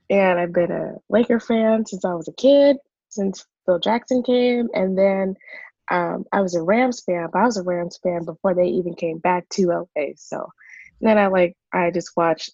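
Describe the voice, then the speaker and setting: A woman's voice: medium pitch, vocal fry, a little mellow, no echo. A young woman from Southern California co-hosting a podcast in casual chat, bubbly and laughing often. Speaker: podcast co-host. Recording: dry, slightly dull sound.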